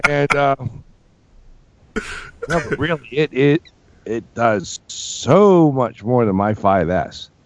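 A man's voice: mid-range voice, lively intonation, slow pace, long pauses, no echo. A man co-hosting a podcast, joking and swearing casually while he has the hiccups. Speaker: podcast co-host. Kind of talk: casual chat.

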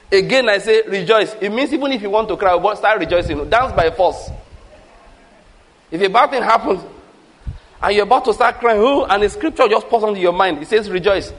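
A man preaching a sermon, animated, asking the congregation questions and calling for answers. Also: high-pitched. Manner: animated preaching with rhetorical questions and call-outs. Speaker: pastor.

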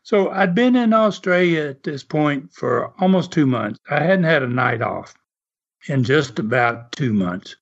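Older Southern man with a drawl, slightly high voice, a chuckling, chatty storyteller, dull lo-fi audio. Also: expressive, measured pace, vocal fry. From American South. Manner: chatty, chuckling, many "uh" fillers. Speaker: former wrestler telling stories. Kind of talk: casual storytelling.

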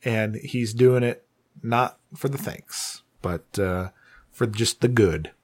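A man co-hosting a casual podcast who picks apart a film with dry, deadpan humor. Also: lowish voice, slow pace. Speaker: podcast co-host. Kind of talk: casual film critique chat.

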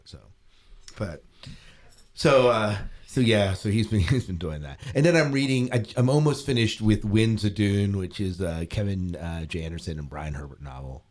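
Male podcast host, middle-aged, lowish voice, loose rambling chat. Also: a little mellow. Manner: rambling, hesitant, many restarts and laughs.

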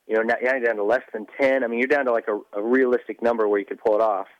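A man's voice: medium pitch, fairly even intonation, racing. A man co-hosts a casual chat, wry and joking, letting his thoughts ramble loosely. His voice sits in an ordinary middle range. The recording is slightly dull and lo-fi, and dry with no room echo. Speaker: podcast co-host.

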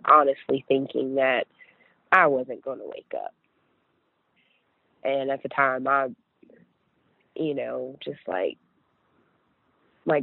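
A woman's voice: extremely low pitch, slow pace, vocal fry, pauses often, breathy edge, no echo. A young woman from West Virginia telling her own story in a chatty, earnest way, full of "like" and "you know". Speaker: guest sharing her story. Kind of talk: casual personal storytelling. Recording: tinny phone-like dry line.

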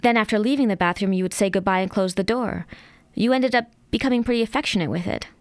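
A woman's voice: mid-range voice, quick pace, no echo, pitched above the performer's own voice, close to an everyday voice. A woman reading as a blunt woman friend. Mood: matter-of-fact. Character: blunt adult woman friend laying down boundaries. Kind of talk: reading aloud from a novel.

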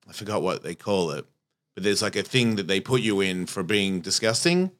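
A middle-aged Australian comedian in casual podcast chat, crude and self-deprecating, rambling with restarts. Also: male voice, deep voice, lively intonation, moderate pace, fairly bright tone. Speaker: comedian guest.

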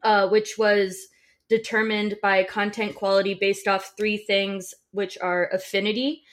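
A woman explaining her research to her co-hosts in an easy, conversational way. She has a mid-pitched voice and a slightly wry edge. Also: flat delivery, measured pace. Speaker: podcast co-host presenting research. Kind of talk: casual explanatory chat.

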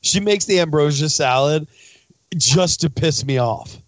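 Chef guy swearing a lot telling food stories, bit high voice, dead dry sound. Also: a little slow, no room sound. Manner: profane, animated storyteller. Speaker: chef and podcast host. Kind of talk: casual chat and host-read ad.

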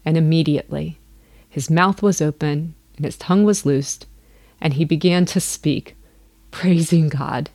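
A woman vlogger reading scripture aloud in an unhurried, earnest way. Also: low-pitched, mellow, no room sound.

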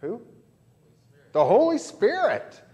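Animated pastor teaching a class. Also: male voice, extremely high pitch, slow pace. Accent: Southern Illinois. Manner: animated, asks the class questions. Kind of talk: catechesis for children and adults.

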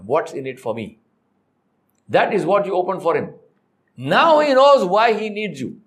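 An emphatic male trainer lectures a class, driving his points home with rhetorical questions and blunt jokes. His voice sits somewhat high for a man. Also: animated, moderate pace. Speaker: corporate trainer.

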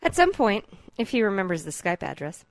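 A woman's voice: mid-range voice, big pitch swings, fairly quick, vocal fry, dry recording. A woman co-hosting a casual podcast in an easygoing way, reading news items aloud. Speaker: podcast co-host.

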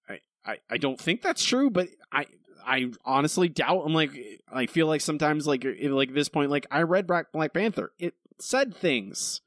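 A man's voice: on the high side, expressive, normal speed, a bit bright, no echo, clean studio sound. A man co-hosting a casual podcast, ranting about a comic book with exasperation and mocking quoted voices. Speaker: podcast co-host reviewing comics. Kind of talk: casual chat.

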